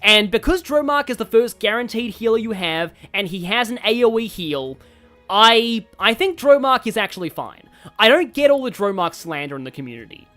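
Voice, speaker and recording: A man's voice: sits high, very animated, moderate pace, sharp tone. A man streaming a game, thinking aloud in a rambling casual way with many fillers. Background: faint game music.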